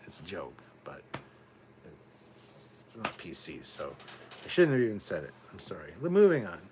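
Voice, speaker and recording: A man with a fairly low voice talks through a home livestream, reading out viewer comments and drifting into chatty tangents. His delivery is loose and casual, with the odd swear. A faint background hum sits under the recording. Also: wildly swooping pitch, normal speed, darkish tone. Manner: chatty, rambling, reads viewer comments aloud. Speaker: livestream host reading chat.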